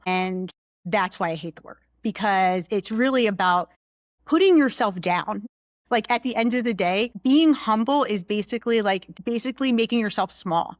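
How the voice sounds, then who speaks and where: A young adult woman guest, a finance executive, chatting candidly in a studio interview, telling stories with lively asides. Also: mid-range voice, moderate pace, no echo. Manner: candid, animated storyteller. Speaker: guest, chief financial officer. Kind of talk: casual interview chat.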